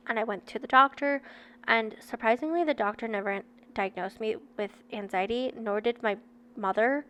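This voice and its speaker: A woman's voice: on the high side, moderate pace, bright, forceful tone. A woman in her thirties reading a book aloud and breaking off into candid, chatty personal asides to her viewers. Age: 30s.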